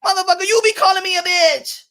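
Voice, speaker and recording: A fed-up wife tears into her husband, swearing at him in a high, bright voice, put on by a man. She sounds exasperated and talks fast and hard. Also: steady tone, heavily acted. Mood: furious. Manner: cursing, exasperated.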